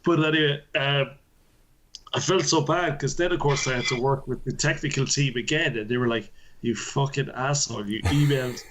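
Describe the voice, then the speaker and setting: Guy on a podcast telling a story, swears a lot, keeps laughing, mid pitch. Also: brisk, slight background noise. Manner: animated storytelling, profane, laughs often. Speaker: podcast co-host. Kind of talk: casual chat.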